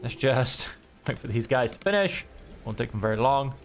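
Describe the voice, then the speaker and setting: A man giving relaxed, chatty commentary while playing a video game, thinking aloud as he goes. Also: mid-range voice, normal speed, a little hiss or hum. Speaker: gameplay streamer. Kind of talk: relaxed let's-play commentary.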